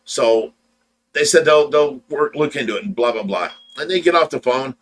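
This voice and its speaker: A man's voice: medium pitch, normal speed, low-quality recording. A man from Ohio casually telling a long story on a livestream, rambling and repeating words as he acts out the dialogue. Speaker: livestream host.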